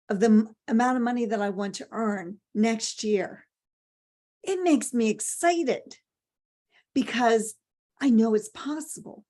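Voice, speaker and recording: A woman's voice: on the high side, darkish tone. A middle-aged woman giving a motivational talk, emphatic, repeating key phrases and asking rhetorical questions. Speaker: motivational speaker.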